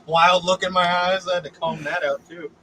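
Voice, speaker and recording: A man's voice: high voice, fairly even intonation, normal speed, crowd noise, rough recording. A man chatting casually as a guest, laid-back and swearing freely. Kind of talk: casual chat.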